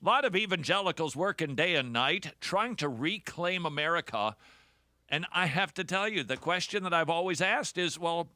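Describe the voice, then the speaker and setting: A man's voice: on the high side, animated, moderate pace, pushed and bright, no echo, studio quality. A man hosting a radio talk show, delivering a sarcastic, jokey monologue. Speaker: host.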